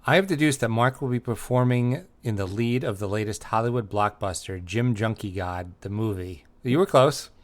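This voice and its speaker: A man with a somewhat low voice hosting a casual comedy podcast. He reads listener emails aloud and teases his co-host in a dry, wry way.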